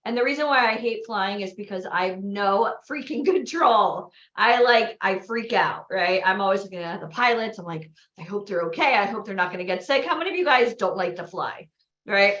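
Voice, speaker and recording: A woman hosting a live event, giving an animated motivational talk and asking the audience questions. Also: medium pitch, normal speed. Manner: animated, exclaiming, asks the crowd questions. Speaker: event host. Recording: echoey, dull livestream audio.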